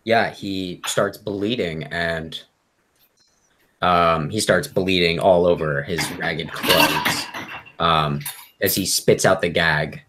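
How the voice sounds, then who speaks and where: A young man narrating as game master, halting with many fillers. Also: sits low, steady tone, very noisy.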